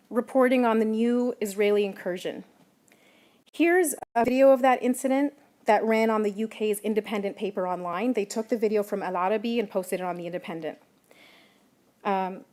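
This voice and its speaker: A woman journalist giving a prepared public talk, measured and emphatic, stressing key words. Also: medium pitch, a little mellow. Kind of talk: prepared lecture.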